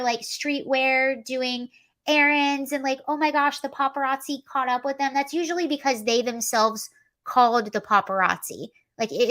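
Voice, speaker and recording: A woman hosting a live online show, chatting casually through commentary and reacting to viewer comments. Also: a little high. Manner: chatty, animated, reads chat comments aloud. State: allergies, coughing and sneezy. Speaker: livestream host. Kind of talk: casual political commentary livestream.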